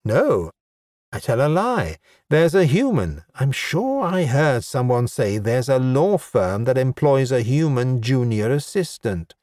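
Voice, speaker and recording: A man's voice: mid-range voice, sing-song, a little slow, darkish tone, no room sound. A man voicing a pompous but helpless male elf lawyer, lofty and fretful in manner, recorded dry.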